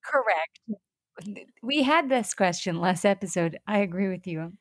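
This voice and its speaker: A woman's voice: medium pitch, expressive, unhurried, dry recording, clean studio sound. A young woman co-hosting a casual TV recap chat, reacting bluntly and emphatically. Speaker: podcast co-host.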